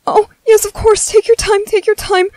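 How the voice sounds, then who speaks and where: A woman voicing a timid, gentle young man who stammers softly and apologizes, in a whispered role-play. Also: very high-pitched, level tone, moderate pace, no echo, low-quality recording. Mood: tender, shaky. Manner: hesitant, stammering, soft-spoken.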